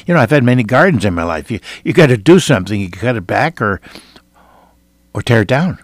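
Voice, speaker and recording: Older man preaching with hushed, earnest swings. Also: medium pitch, big pitch swings, brisk, dry recording. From Iowa, United States. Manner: earnest, dramatic shifts between loud and hushed. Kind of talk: sermon with personal testimony.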